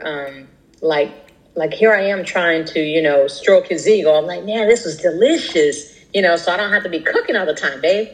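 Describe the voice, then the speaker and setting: A woman co-hosting a casual podcast, telling animated stories and acting out quoted voices. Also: on the low side, low-quality recording. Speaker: podcast co-host. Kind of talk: casual chat, storytelling.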